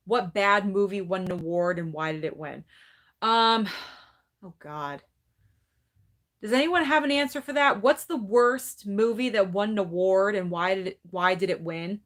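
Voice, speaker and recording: A woman's voice: medium pitch, fairly bright tone. Chatty woman host laughing as she talks. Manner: chatty and candid, laughs often. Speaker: host of a movie club livestream. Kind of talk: casual livestream chat, reading viewer comments.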